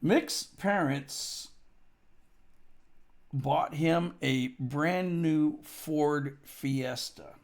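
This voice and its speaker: A man's voice: on the high side, extremely slow, vocal fry. A grieving man telling a casual, profane anecdote at a tribute, full of fillers and asides. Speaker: storyteller at a tribute. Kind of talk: rambling spoken anecdote.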